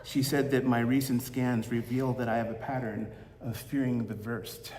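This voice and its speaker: A man giving a Sunday reflection as minister, gentle and halting, fond of corny puns. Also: medium pitch, flat delivery, background noise. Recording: roomy echo with long hall reverb, faint ambience.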